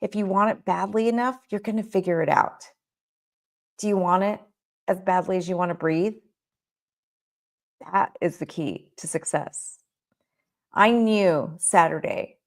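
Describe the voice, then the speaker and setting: A woman's voice: mid-range voice, expressive, moderate pace. A woman coaching child care business owners in a motivational talk, emphatic and full of repeated rhetorical questions.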